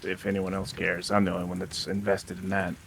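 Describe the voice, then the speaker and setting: A man playing a tabletop role-playing game, low-key and inquisitive. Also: completely flat delivery, brisk, vocal fry, fairly bright tone, breathy edge. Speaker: player. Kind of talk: casual tabletop game play.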